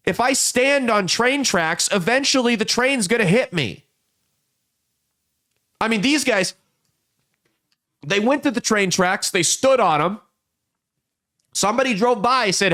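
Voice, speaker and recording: A man hosting a political commentary podcast, telling folksy stories and quickly voicing the people in them. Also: very high-pitched, animated, a bit bright. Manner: folksy storytelling with quick voices for people in the anecdotes. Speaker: podcast host.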